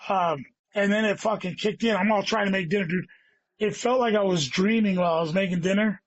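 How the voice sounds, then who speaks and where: A guest comedian rambles through a long, casual story in a high-pitched voice, talking a little fast. "Dude" comes up constantly and so does heavy swearing, captured with dull lo-fi sound.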